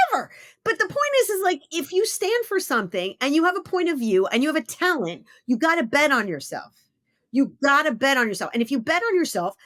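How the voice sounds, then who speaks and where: A blunt, emphatic middle-aged woman hosts a casual podcast interview. Her voice sits a little high and leaps around expressively as she makes her points. It's recorded close and dry, with no room sound. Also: no echo. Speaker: podcast host.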